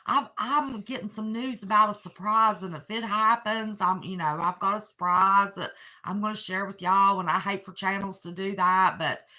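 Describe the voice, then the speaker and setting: A woman's voice: mid-range voice, steady tone, normal speed, sharp tone. A woman, chatting emotionally with viewers on her livestream. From West Virginia. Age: 60s. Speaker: channel host. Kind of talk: casual livestream chat. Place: apartment.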